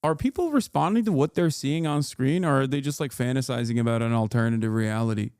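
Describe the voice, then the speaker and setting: A man's voice: mid-range voice, quick pace, darkish tone, smooth, no echo, studio quality. A man in his thirties streaming, giving casual sarcastic reaction commentary and laughing often.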